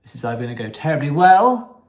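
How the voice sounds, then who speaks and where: A young man hosting a casual home vlog, playful and camp, breaking into sudden squeals of excitement. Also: fairly high pitch, quick pace. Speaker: vlog host.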